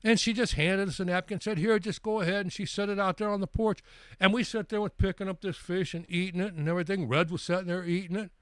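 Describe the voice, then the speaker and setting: A man's voice: high voice, fairly even intonation, fast, no room sound, clean studio sound. A man in his sixties telling a travel story on his live stream, rambling and stumbling over repeated words. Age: 60s. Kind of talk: casual storytelling.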